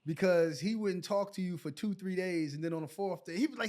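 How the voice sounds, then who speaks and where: High-voiced man telling a lively story. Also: normal speed. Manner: animated storyteller acting out quotes. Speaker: guest, former basketball player. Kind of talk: storytelling in a casual interview.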